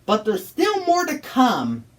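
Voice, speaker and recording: A woman voicing a friendly male frog who lends his magic wand and explains the game rules in a bossy way, pitched a little above her narrating voice. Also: wildly swooping pitch, takes it slowly, recorded from a distance, heavily acted.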